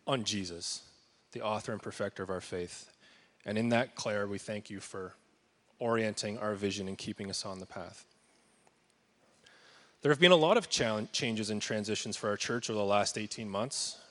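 A man's voice: on the low side, fairly bright tone. A man addressing a church congregation to thank a departing pastor, speaking earnestly and reverently and then reading scripture as a blessing. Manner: earnest and reverent, with a few pauses and restarts. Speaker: church member leading a farewell blessing for the pastor. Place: church service before a congregation.

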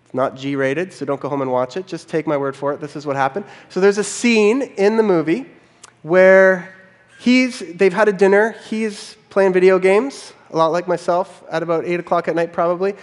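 A man's voice: high voice, normal speed, long reverb tail. A man preaching a sermon as pastor, in a conversational storytelling way with wry asides.

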